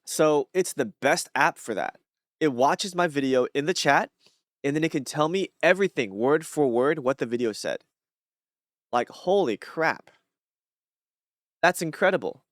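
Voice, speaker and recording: A man's voice: a little high, expressive, unhurried, pauses often, dry recording, studio quality. A man chatting casually on a live stream, rambling with many fillers and restarts.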